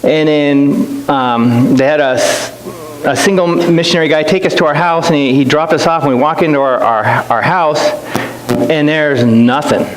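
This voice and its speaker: A man's voice: fairly high pitch, normal speed. A middle-aged man speaking as a guest missionary, telling stories to a church in a chatty, self-deprecating way with lots of restarts. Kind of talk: storytelling church talk. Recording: echoey church hall with faint hiss.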